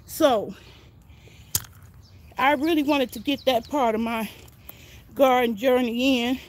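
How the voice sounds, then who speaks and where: Speaking slowly in a high, steady voice, a gardening vlogger, an older woman, chats folksily while strolling her backyard garden on a phone. She sounds winded, and there's a bit of hiss or hum.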